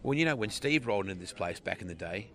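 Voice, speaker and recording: An Australian man chats freely in a radio interview, telling stories with animated energy. His voice sits low but carries a bright, forward ring. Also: fast. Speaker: guest, sprint car tour organizer. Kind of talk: casual interview chat.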